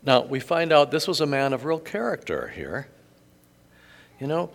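A male pastor preaches from the pulpit of a church, reading the gospel and then telling stories in a chatty, animated way. His pitch swings widely as he leans on words. The long reverb of a large hall hangs around his voice. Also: moderate pace, gravelly. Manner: conversational, animated storytelling with asides. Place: church sanctuary.

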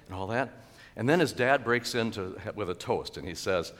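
A male pastor preaching a sermon in a church, animated and chuckling, with sudden loud exclaimed quotes. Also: sits low, brisk, in a large hall. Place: church sanctuary.

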